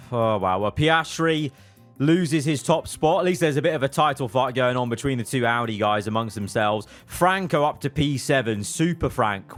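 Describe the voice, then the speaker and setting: A man giving casual, excitable commentary while playing a racing management game, exclaiming at events and muttering through his plans. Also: fairly high pitch. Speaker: gaming YouTuber.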